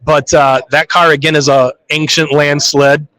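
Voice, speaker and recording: A man's voice: on the high side, little pitch movement, normal speed, pushed and bright, low-quality recording. A man who drives funny cars, telling stories in a live interview and acting out his own reactions. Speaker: funny car drag racer. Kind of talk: live trade show interview.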